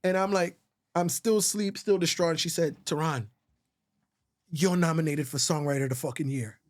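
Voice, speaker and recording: A man's voice: a little high, normal speed. A middle-aged man from the Virgin Islands, a songwriter guest telling stories candidly and emotionally, swearing often and calling people bro. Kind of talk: casual storytelling interview.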